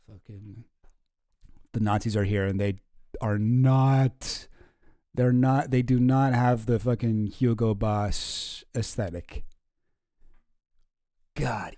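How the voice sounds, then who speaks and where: A man's voice: mid-range voice, warm tone, no room sound, clean studio sound. A man hosting a casual commentary stream, reading news posts aloud with sarcastic, swearing asides. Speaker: streamer host.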